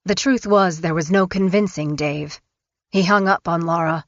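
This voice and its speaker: A woman's voice: on the low side, moderate pace, no room sound. Woman narrating a true-crime audiobook. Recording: dull, dry studio recording.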